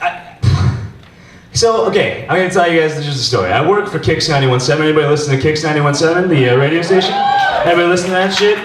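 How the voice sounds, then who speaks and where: A man's voice: on the high side, background noise. A man doing crude, rambling, self-deprecating stand-up at an open mic, bantering with the crowd. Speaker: stand-up comedian. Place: small bar open mic with laughing crowd. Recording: roomy, distant club recording with crowd.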